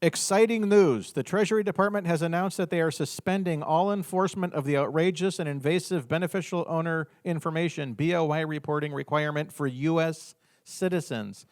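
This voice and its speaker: A man's voice: fairly high pitch, brisk, hardly any pauses, dry recording, studio quality, lightly acted. A man reading out a politician's statement in an impression of a blustering male politician, emphatic and declaiming.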